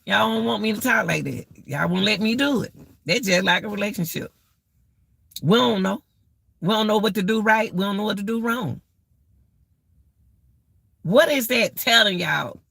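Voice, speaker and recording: A woman's voice: mid-range voice, moderate pace, creaky, pauses often, a bit bright, husky, dry recording. A middle-aged woman hosting a casual live-stream rant, exclaiming and repeating herself as she talks straight to her viewers.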